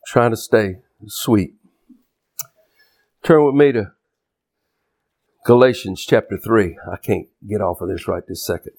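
A man preaching a sermon, fervent, moving between quiet stretches and shouted outbursts. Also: on the low side, lively intonation, unhurried, pauses often.

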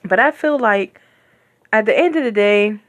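A woman's voice: mid-range voice, expressive, moderate pace, no room sound. Blunt, profane young woman venting. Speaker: podcast host. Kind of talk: candid personal storytelling.

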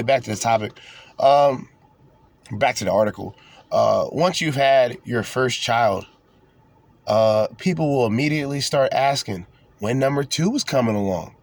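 Young adult male podcast host, sarcastic, profane ranting style, average pitch. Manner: sarcastic, profane, mocking asides. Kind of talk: casual unscripted rant reading articles aloud.

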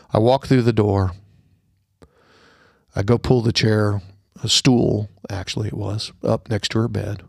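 A middle-aged man hosting a podcast, telling a personal story earnestly and going quiet at the sad parts before a holiday message. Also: on the low side, gravelly, no echo, studio quality. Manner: earnest storyteller, drops to a hushed tone at sad moments. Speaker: podcast host.

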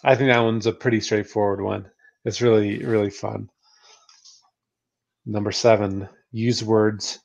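A man with a fairly low voice talks through ideas in an easy, conversational way. He laughs often and keeps checking in with little asides. The recording sounds dull and lo-fi. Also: normal speed, vocal fry. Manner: relaxed, chatty, laughs often, many "right?" tags. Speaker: podcast co-host, therapist. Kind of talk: casual book discussion.

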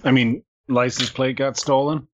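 A man's voice: medium pitch, steady tone, moderate pace, fairly bright tone. A man in casual chat, telling a grumbling, wry story about his weekend. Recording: dull, lo-fi sound.

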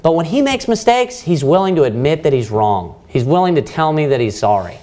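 Fairly high-pitched yet dark-toned, the man preaches briskly and with great animation. He uses rhetorical questions and repetition for emphasis, littered with "you know" fillers and restarts.

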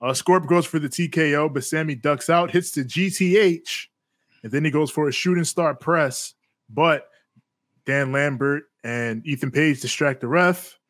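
Man, wrestling podcast co-host, slightly high voice, play-by-play recap. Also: measured pace, a bit bright. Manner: play-by-play recounting, laughs along. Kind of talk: casual wrestling match recap.

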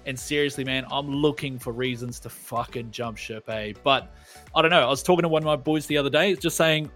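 A man's voice: a little high, a bit bright. A man, co-hosting a casual sports podcast, ranting and swearing with heat. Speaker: podcast co-host.

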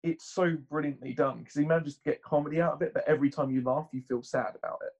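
A man's voice: fairly high pitch, fairly even intonation, fast talker, a little mellow, husky. A man in casual podcast chat, reflective and hedging his points. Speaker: podcast co-host.

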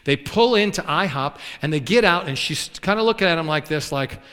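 A man preaching, telling folksy stories with lively acted quotes. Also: a little high, brisk, clear, resonant tone, long reverb tail. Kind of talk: storytelling sermon.

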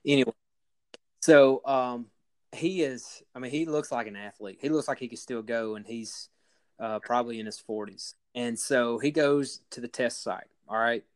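A man telling a funny story on a casual podcast, laughing often and acting out loud quotes. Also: mid-range voice, moderate pace, no room sound. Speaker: podcast host.

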